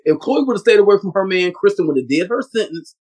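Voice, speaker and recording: A man co-hosting a fan podcast, chatting eagerly with a guest, gushing praise and mimicking characters in quick asides. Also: high-pitched, animated, darkish tone, slightly rough. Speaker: podcast co-host. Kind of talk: casual interview chat.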